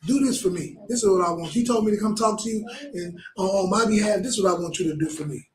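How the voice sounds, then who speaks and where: A man's voice: sits high, fast, roomy sound, rough recording. A man preaching a fervent, blunt sermon with lots of repetition.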